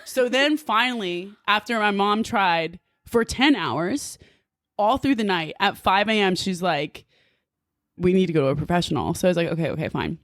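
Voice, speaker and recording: A woman from New Jersey, a podcast guest, telling a story in a casual, animated way, full of "like" and quick laughs. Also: medium pitch, no room sound, studio quality. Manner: animated, filler-heavy with frequent "like", laughs often.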